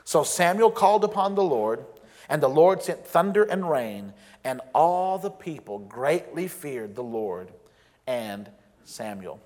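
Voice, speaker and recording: Man, pastor, sermon, earnest emphatic delivery, somewhat high voice, long hall reverb. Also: sing-song, a little mellow. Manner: earnest preaching with emphatic stresses and slowed key phrases.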